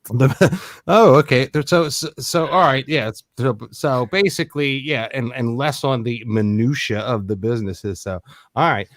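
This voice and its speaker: Excitable man with a Philly accent. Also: medium pitch, measured pace, no room sound, studio quality. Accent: Philadelphia. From Philadelphia. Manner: excitable, repeats words, laughs often. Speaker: podcast host. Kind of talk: casual interview chat.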